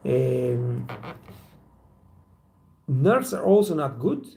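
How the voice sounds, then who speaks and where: Gravelly-voiced man rambling in a live Q&A. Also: mid-range voice, very animated, very slow, mellow, rough recording. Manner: rambling, repetitive, swears freely. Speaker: waiter trainer hosting a live Q&A. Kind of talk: casual live Q&A chat.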